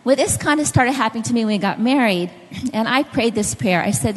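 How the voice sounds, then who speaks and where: A middle-aged woman preaches a sermon, telling stories and addressing the congregation directly. Her voice is on the high side, animated, and a little fast, with a long reverb tail in the room.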